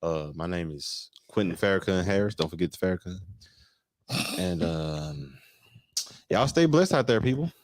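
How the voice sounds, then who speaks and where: A playful man with a low voice co-hosts a casual podcast. He laughs easily, stumbles over his words, and his pitch swings up and down a great deal as he talks. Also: expressive, normal speed, long pauses, a little mellow, dry recording. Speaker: podcast co-host. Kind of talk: casual chat.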